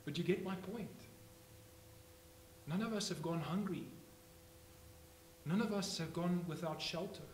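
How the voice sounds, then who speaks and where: A man preaching a sermon as pastor, swinging from hushed phrases to loud emphatic ones. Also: high-pitched, unhurried, pauses often. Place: church sanctuary. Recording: echoey church, faint hum.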